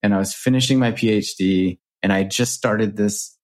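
A man in his thirties, a podcast guest and author, telling reflective stories in an earnest, animated way with casual swearing. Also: fairly low pitch, moderate pace. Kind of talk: reflective storytelling.

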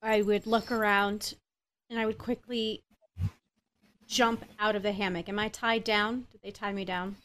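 A woman's voice: mid-range voice, level tone, unhurried, a bit bright. A woman playing a tabletop game, speaking as her captain character with frantic urgency. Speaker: player.

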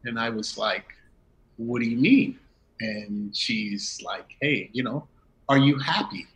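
Animated middle-aged man telling a story. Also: mid-range voice, takes it slowly, a little hiss or hum, low-quality recording. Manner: animated, acts out quoted dialogue with laughs. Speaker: interview guest. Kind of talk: personal storytelling in conversation.

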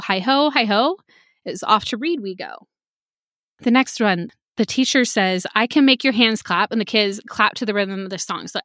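A woman's voice: medium pitch, a bit bright, dry recording. Chatty woman podcast host, dry close sound. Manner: chatty, upbeat, sings short jingles and chants. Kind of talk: casual podcast talk.

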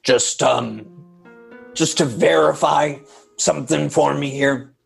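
A man speaking as his character in a tabletop game, halting and hesitant. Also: fairly high pitch, steady tone, vocal fry, slightly rough, faint music behind. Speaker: player. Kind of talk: in-character tabletop role-play.

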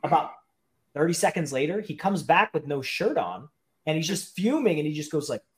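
A man as a podcast guest, telling animated anecdotes in casual chat and saying "like" often. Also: on the high side, a little fast.

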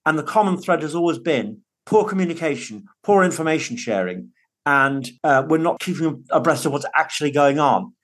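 A man's voice: a little high, expressive, normal speed, fairly bright tone. A man speaking as a guest in a conversational interview, earnest and emphatic, often restarting his words. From United Kingdom. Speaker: podcast guest, father.

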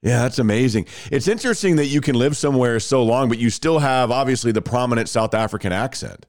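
Lively laid-back man hosting a podcast. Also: medium pitch, fast. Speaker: podcast host. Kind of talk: casual interview with ad read.

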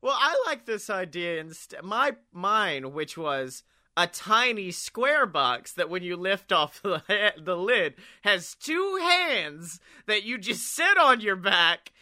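A man's voice: sits high, sing-song, slow pace, sharp tone. A man co-hosting a comedy podcast, chatting casually with crude jokes and frequent laughter. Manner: crude, laughs often, jokey improv. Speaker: podcast co-host.

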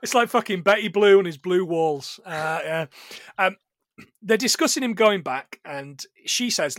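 A fairly high-voiced British man chatting about a film on a podcast. His pitch swings all over the place as he talks. He swears a lot and slips into mock voices, and the sound is close and dry. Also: moderate pace, no room sound. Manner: sweary, animated, breaks into silly quoted voices. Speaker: podcast co-host. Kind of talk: casual film commentary chat.

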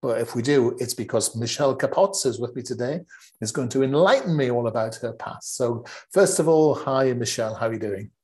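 A man's voice: mid-range voice, lively intonation, brisk, darkish tone. A man hosting a podcast interview, upbeat and chatty. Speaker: podcast host.

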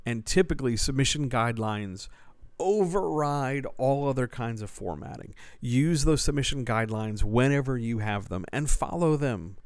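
On a casual podcast, a man who works as a writing coach and editor fields listener questions in a medium-pitched voice with lively intonation and a moderate pace. The recording is dry, and his manner is conversational and explanatory, peppered with fillers and restarts.

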